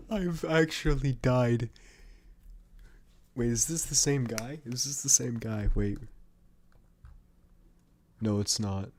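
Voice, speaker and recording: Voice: medium pitch, expressive, slow pace, long pauses, a little mellow, slight background noise. A co-host chatting casually on a livestream, laughing a lot, swearing and saying "yo".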